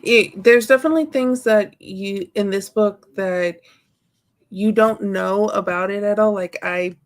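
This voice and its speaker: A woman's voice: mid-range voice, measured pace. A woman co-hosting a book club podcast, chatting casually, laughing often and explaining eagerly. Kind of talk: casual chat.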